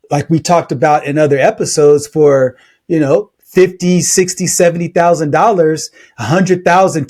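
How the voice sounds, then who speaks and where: A male podcast host talks in a reflective, meandering way, leaning on fillers as he sets up a question. His voice is husky and sits a little higher than average for a man. His delivery stays conversational and unhurried. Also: darkish tone. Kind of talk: podcast discussion.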